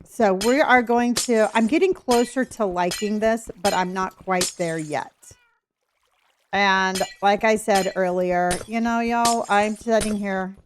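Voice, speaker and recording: Older woman live-streamer, chatty, friendly, mid-pitched voice, talks to chat while building. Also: steady tone, measured pace, slight background noise. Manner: chatty, greets viewers by name, thinks aloud.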